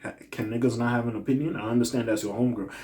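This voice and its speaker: A man hosting a commentary channel, giving blunt, profane opinions in a casual rant that swings between muttering and loud outbursts. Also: medium pitch, very fast. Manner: blunt, profane, animated ranting with swings in loudness.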